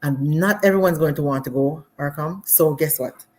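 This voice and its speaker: A Jamaican woman speaking as a guest in a casual live interview, animated and laughing often, with many fillers. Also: low-pitched, moderate pace. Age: adult with children.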